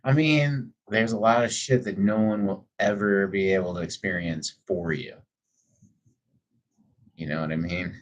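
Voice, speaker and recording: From his home, a man livestreams and responds to chat in a relaxed, reflective, frank way, wandering a little and swearing often. His voice is low-pitched and unhurried, with the highs cut off.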